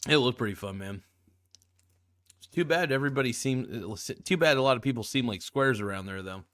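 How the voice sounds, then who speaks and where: A man's voice: mid-range voice, lively intonation, brisk, a bit bright. A man hosting a casual reaction video, talking in a laid-back, slangy way with plenty of swearing while he snacks on crackers.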